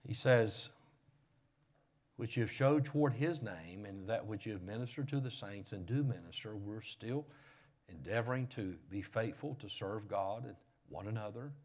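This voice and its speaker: Preaching man, loud then hushed. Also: fairly low pitch, normal speed. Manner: preaching with swings from loud raised emphasis to hushed near-whispers. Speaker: pastor. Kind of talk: sermon.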